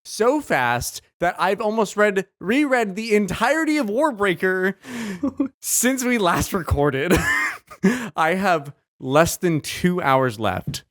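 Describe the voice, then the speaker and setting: A man co-hosting a casual podcast, animated and swearing freely as he jokes with friends. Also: high-pitched, takes it slowly. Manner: animated, swears often, laughs a lot. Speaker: podcast co-host. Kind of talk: casual chat.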